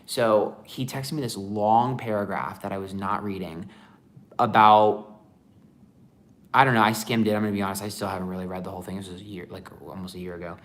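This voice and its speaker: A man's voice: lowish voice, steady tone, a little fast. A man chatting casually on a livestream as a tarot reader, rambling with lots of fillers.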